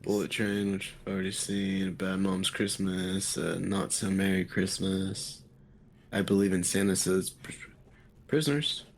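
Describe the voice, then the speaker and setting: Deep-voiced, laid-back podcast co-host. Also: male voice, fairly even intonation, unhurried, a little hiss or hum. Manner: laid-back, brief replies, reading out a list. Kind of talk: casual chat.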